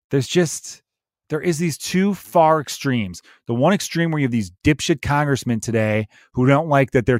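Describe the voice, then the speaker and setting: A man's voice: medium pitch, no room sound. Profane ranting man, dry close sound. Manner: profane, ranty, digressive. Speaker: comedian. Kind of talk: ranting podcast monologue.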